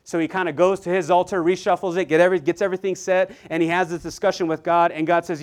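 Male pastor, lively sermon delivery, smooth resonant voice, slightly high. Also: quick pace, few pauses. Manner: animated preaching with frequent repetitions and asides to the congregation.

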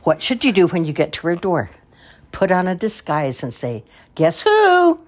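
An older grandmother reading picture books aloud in an expressive, playful way. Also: on the low side, moderate pace. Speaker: storyteller grandmother.

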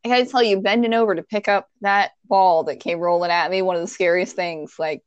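A woman telling a childhood story in casual chat, animated, acting out the people in it with squeaky high voices and laughing at herself. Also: brisk, no echo, dull audio. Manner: self-mocking, laughs while telling.

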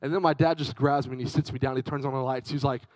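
A young man giving a youth sermon, telling a personal story in a chatty, lively way and calling out to his young audience. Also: medium pitch, fast talker, no echo. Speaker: youth speaker.

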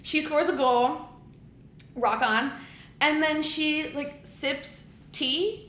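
A woman's voice: high-pitched, slow, a bit bright. A young woman co-hosting a podcast, chatting casually and animatedly. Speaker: podcast co-host. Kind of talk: casual chat. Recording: echoey room.

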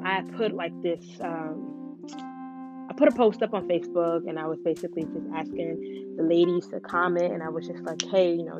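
A woman talking frankly and casually to her viewers, often saying "you know". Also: mid-range voice. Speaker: vlogger. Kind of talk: casual talk to camera. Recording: dull lo-fi sound. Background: guitar music playing.

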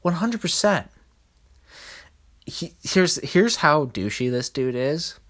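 A man's voice: fairly high pitch, lively intonation, takes it slowly, a bit bright. Male podcast host, solo comedy rant, crude and rambling, laughs a lot.

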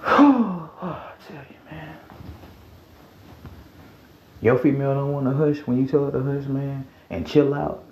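Heated podcast guy cussing up a storm, gravelly voice, echoey room. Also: measured pace, pauses often. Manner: heated, profane, swings from low mutters to high yells. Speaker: podcast host. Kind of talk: casual podcast rant. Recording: roomy, dull lo-fi sound.

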